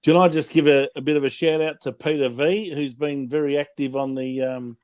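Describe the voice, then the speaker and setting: A man with a fairly high voice co-hosting a laid-back sports chat. He sounds easygoing and chatty, and he pauses on fillers as he gathers his thoughts. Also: level tone, a little mellow, smooth. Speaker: podcast co-host.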